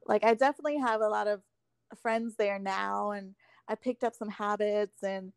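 A young woman in her twenties, a podcast guest, chatting casually and acting out her stories with lively quoted voices. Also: medium pitch, moderate pace, creaky, clear, resonant tone, no room sound. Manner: animated storyteller acting out quotes, giggly. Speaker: podcast guest, former pro cheerleader. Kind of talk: casual chat.

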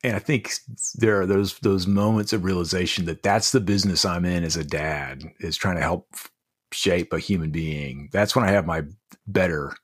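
A man in his forties, a guest telling earnest, halting stories about parenting, with frequent restarts. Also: low-pitched, husky, no room sound, studio quality. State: emotional. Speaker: podcast guest. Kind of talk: reflective storytelling.

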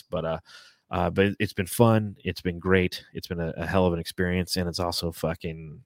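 Fast-talking deep-voiced man, profane rambler. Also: flat delivery, no echo, clean studio sound. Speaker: podcast co-host. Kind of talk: casual chat.

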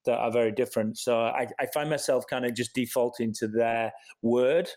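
A middle-aged man with a Yorkshire accent softened by years in America, talking as an interview guest in a thoughtful way, with many restarts. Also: mid-range voice, fairly even intonation, moderate pace. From Yorkshire, England. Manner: thoughtful, many restarts and "you know" fillers. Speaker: interview guest, company co-founder. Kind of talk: casual conversational interview.

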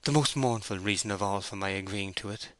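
A man's voice: fairly low pitch, brisk, fairly bright tone, no room sound, lightly acted. A man voicing a proud, troubled young farm owner in an audiobook, speaking with earnest, tense feeling, his voice lifted a little above his own. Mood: anxious. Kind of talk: audiobook character voice.

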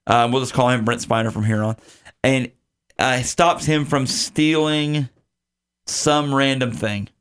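A man's voice: medium pitch, fairly even intonation, unhurried, fairly bright tone, clean tone. A male podcast host casually recapping a bad movie, rambling with lots of fillers. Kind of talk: casual movie-review chat.

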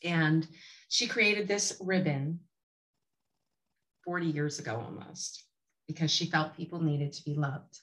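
A woman guest giving a heartfelt, slow and emphatic tribute to the host. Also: sits low, poor audio. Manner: warm, earnest, slow and emphatic. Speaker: author and guest.

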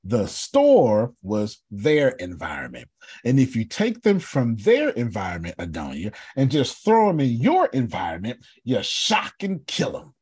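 A man, a bishop, giving an animated teaching talk on a video call, emphatic and repetitive, calling on listeners by name. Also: mid-range voice, normal speed, few pauses, breathy edge, no room sound. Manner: emphatic, repeats himself, calls on listeners by name.

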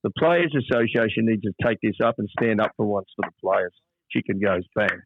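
An older Australian man and podcast co-host, telling stories in a casual, animated way. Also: lowish voice, brisk, husky, no echo. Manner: animated storyteller who acts out quoted voices. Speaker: podcast co-host, player manager. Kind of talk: casual storytelling chat. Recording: dry, phone-like narrow sound.

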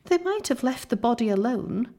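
Woman doing a small girl in a storybook, high, breathless and fraught. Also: lively intonation, moderate pace, dark tone. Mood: distressed. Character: young girl, frightened and tender.

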